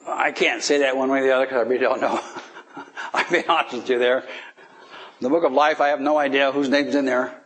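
A man's voice: fairly even intonation, brisk, a bit bright. A man giving an informal Bible teaching, asking his listeners rhetorical questions and chuckling as he explains. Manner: rhetorical questions, chuckles, pitch swings for emphasis.

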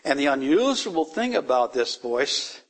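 A man teaching a Bible study in a loose, conversational way, with a slightly husky voice pitched somewhat high for a man. He reads out verses and stops to comment on them, often breaking into laughter. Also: sing-song, a little slow. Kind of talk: casual Bible study talk.

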